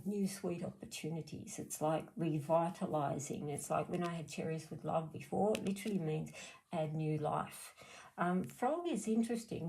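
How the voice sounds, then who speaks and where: Aussie lady doing live card readings, low gravelly voice, blunt and chatty. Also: dark tone, a little hiss or hum, low-quality recording. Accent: Australian. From Australia. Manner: chatty, blunt, answers viewers by name. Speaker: card reader.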